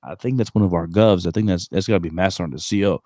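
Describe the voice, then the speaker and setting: A man's voice: low-pitched, fast talker, no echo, clean studio sound. Slang-heavy man telling a story. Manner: animated, streetwise slang, frequent "bro". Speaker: podcast co-host. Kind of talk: casual storytelling chat.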